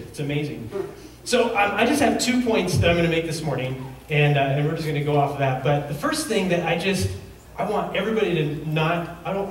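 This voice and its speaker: A man's voice: a little high, a little hiss or hum. A middle-aged man from Reno preaching a sermon in a casual, rambling storytelling way, acting out the quotes as he goes. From Reno, Nevada, USA. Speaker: pastor. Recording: very echoey hall, mic at a distance.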